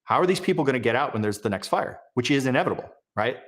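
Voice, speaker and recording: A man's voice: mid-range voice, animated, racing. A man hosting political commentary, heated and scornful, breaking down clips and mocking the people in them. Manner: heated, scornful, mocks others in put-on voices. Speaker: commentary host.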